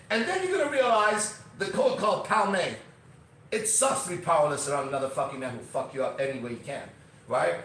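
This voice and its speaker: Brash podcast host, man, profane and cocky, bursts of shouting, in a very echoey room. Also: lively intonation, fairly quick, distant mic. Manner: brash, swaggering, profane, swings from loud outbursts to low asides. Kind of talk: profane motivational podcast rant. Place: Las Vegas.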